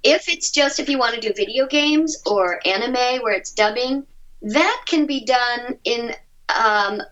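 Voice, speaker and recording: A voice actress with a slightly high, somewhat bright voice is an interview guest on a remote line, and the audio sounds dull. Her casual answers are chatty and upbeat, full of advice and quick asides.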